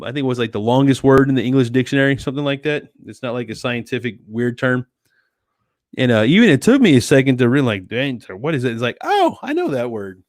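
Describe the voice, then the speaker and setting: Streaming late at night from home, this laid-back guy from the US reads his chat aloud and responds in a friendly, talkative way, calling viewers "dude" and "sweetie." The voice sits at a middle pitch and sounds close and dry, free of any room reverb.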